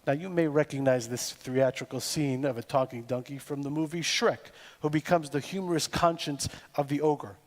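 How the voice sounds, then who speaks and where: A man preaching a sermon as cantor in a synagogue, with a deliberate delivery built on poetic repetition. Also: a little high. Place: synagogue sanctuary. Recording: long reverb in a large hall with faint music.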